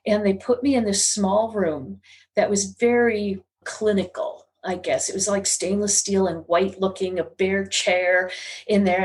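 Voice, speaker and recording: This is a middle-aged woman with a voice of ordinary pitch, talking as a guest on an interview podcast. She tells a personal story in an earnest, confessional manner. Her delivery carries a steady undercurrent of emotion. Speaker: guest, psychic medium.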